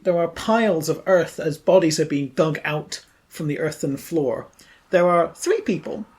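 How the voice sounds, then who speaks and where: A man's voice: fairly high pitch, a little slow, a little mellow. A man running a tabletop role-playing podcast as game master, narrating scenes and laughing often.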